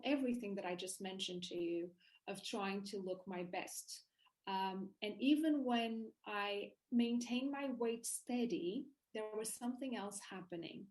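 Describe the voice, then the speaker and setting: A woman guest in a casual interview, recounting her own story in an animated way, often restarting her sentences. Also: medium pitch, poor audio.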